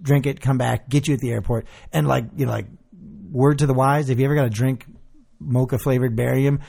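A young man talks fast in a gravelly, husky voice, rattling through an animated story. He swears freely and jumps into the voices of the people he quotes. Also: mid-range voice. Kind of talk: casual storytelling chat.

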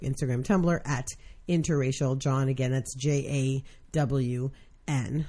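A woman from Brooklyn hosting a podcast in casual chat, excitable and quick to laugh. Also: low voice. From Brooklyn, New York. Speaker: podcast host.

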